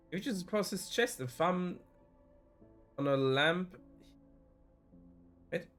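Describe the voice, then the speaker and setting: A male streamer reads a story game's text aloud. He often trips over a word and restarts, with soft music playing behind him. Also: fairly high pitch, expressive, unhurried, pauses often. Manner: frequent self-corrections and restarts while reading. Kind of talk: reading a narrative game aloud.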